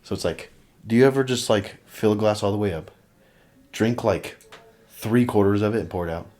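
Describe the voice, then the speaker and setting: A man's voice: fairly low pitch, a little fast, a little mellow. A young man hosting a podcast, chatting casually and rambling with lots of fillers. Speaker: podcast host. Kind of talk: casual chat.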